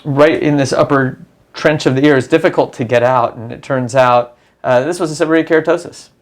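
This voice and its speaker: A man co-hosting a casual dermatology chat, talking haltingly with frequent restarts and chuckles. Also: medium pitch. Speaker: dermatologist co-host.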